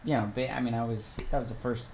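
A man, an actor guest on a casual chat, talking in a relaxed, rambling way with frequent restarts. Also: mid-range voice, quick pace, slight background noise.

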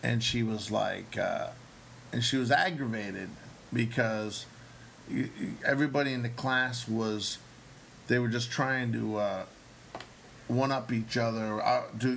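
A man's voice: medium pitch, measured pace, creaky, slight background noise. A man, a working actor, chatting casually and animatedly, swearing often as he retells stories from acting classes. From New York. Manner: animated, swears often, acts out yelling teachers. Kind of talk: casual storytelling chat.

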